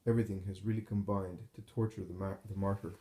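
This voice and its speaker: Solemn low-voiced male reader. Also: level tone, mellow. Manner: slow, solemn, measured reading. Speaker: narrator. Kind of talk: devotional reading of a religious text. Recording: roomy echo.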